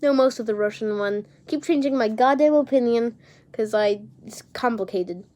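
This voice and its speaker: A woman's voice: fairly high pitch, normal speed, mellow. A woman casually talking to camera, rambling through phrases of an invented language with restarts and the odd swear word.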